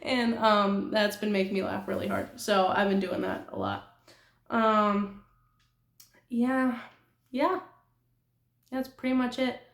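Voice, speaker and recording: A woman's voice: mid-range voice, little pitch movement, takes it slowly, gravelly, long pauses. Young woman from california rambling and giggling, casual vlog chat, kinda echoey apartment room. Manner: rambling, giggly, self-deprecating. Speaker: nail artist vlogger.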